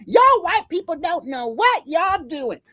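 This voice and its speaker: A man doing an impression of a famous female comedian, sassy and scolding, in a high voice. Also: sing-song, sharp tone, no room sound, exaggerated voice. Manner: sassy, scolding, drawn-out delivery.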